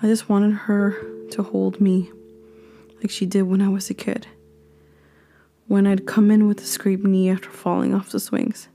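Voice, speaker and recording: A woman reading a horror story aloud, slow and hushed, sometimes dropping to a whisper. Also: medium pitch, little pitch movement, creaky, soft background music.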